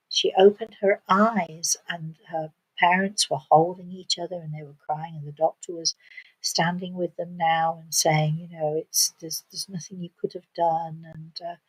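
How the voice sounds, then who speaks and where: An older woman telling a story slowly and haltingly, with dramatic pauses and fillers. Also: lowish voice, slightly rough, poor audio. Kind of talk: spoken storytelling.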